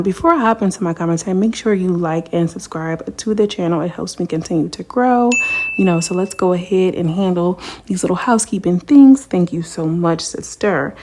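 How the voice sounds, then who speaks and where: A woman giving casual commentary on a reality show, chatty and animated, talking straight to her viewers. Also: lowish voice. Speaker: commentary vlogger.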